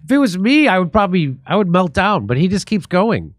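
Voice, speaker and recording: A male comedian hosting a casual comedic chat, riffing in an animated way and laughing often. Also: high voice, fairly quick, no echo, clean studio sound. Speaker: host, comedian.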